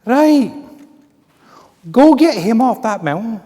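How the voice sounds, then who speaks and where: A bossy army general barks orders in a squeaky falsetto with a Scottish accent, as a man puts him on. The voice echoes through a large hall. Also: sing-song, takes it slowly, mellow, full character voice. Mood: commanding. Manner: barking orders. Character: pompous English army general, middle-aged man.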